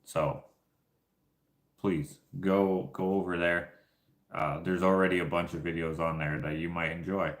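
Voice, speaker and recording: Male streamer, lowish voice, rambling casual talk, echoey room sound. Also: little pitch movement, a little slow, long pauses. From Canada. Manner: rambling storyteller, many fillers and restarts. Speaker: livestream host. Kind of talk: casual livestream chat. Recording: roomy echo.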